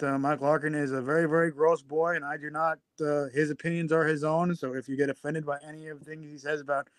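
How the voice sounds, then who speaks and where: A man's voice: fairly high pitch, no echo, clean studio sound. A man co-hosting a podcast, rambling with fillers and teasing his co-host in a mock-prudish way. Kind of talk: casual podcast chat.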